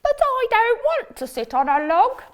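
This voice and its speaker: Lady doing a whiny little frog, high and fussy, full of complaints. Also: very animated, moderate pace. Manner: whiny and pleading.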